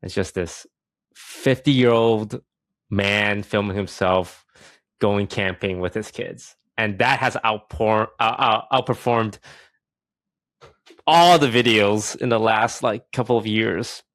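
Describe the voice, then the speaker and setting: A man co-hosting a podcast, explaining things in a relaxed, casual way with some fillers. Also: on the low side, takes it slowly, no echo. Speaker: podcast co-host, streamer.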